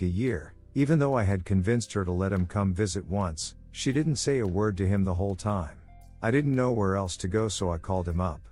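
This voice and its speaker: Male story narrator, low-pitched, steady read, soft music bed. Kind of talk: reading an online story aloud.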